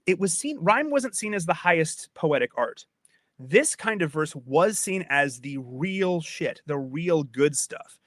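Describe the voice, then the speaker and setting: A podcast host with a fairly high, fairly bright voice gives a casual spoken lecture on Old English poetry, recorded dry with studio quality. He's chatty and a little tipsy from wine, often repeating and restarting phrases and checking that his listener follows.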